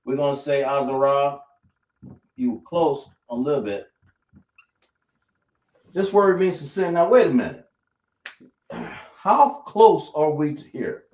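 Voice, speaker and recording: A man teaching a class live, explaining slowly and repeating himself as he checks that everyone follows. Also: on the high side, animated, darkish tone. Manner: slow, repetitive explaining, checking the class often. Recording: echoey room, dull lo-fi sound.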